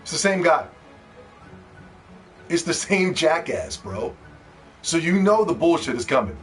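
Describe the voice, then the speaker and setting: A male streamer in a heated, mocking rant, swearing freely as he reacts. His voice sits a touch high and sounds somewhat distant from the mic. Faint music plays underneath. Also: big pitch swings, unhurried. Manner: loud, profane, mocking ranting.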